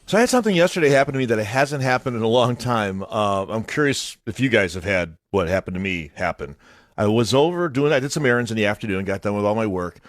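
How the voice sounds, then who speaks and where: Guy hosting a morning radio show, telling a story all animated, dry studio sound. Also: lowish voice, fast talker, no echo. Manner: animated storytelling, acts out voices. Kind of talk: casual morning show chat.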